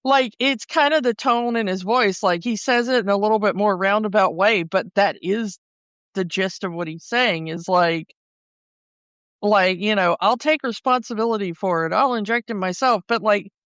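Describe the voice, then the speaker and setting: A woman chats on a podcast, retelling movie scenes and slipping into the characters' lines as she goes. Her voice is smooth and clear. The sound is dry and a little dull. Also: mid-range voice, a little slow, a bit bright, dry recording. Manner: chatty, recounts scenes by acting out lines. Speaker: podcast co-host. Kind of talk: casual chat.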